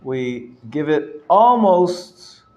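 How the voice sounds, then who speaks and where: A male rabbi teaching a live class, explaining patiently and sounding words out slowly, often clearing his throat and chuckling. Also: a little high, big pitch swings, a little mellow. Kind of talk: live classroom lesson on Hebrew reading. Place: lecture room. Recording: roomy echo from a live class.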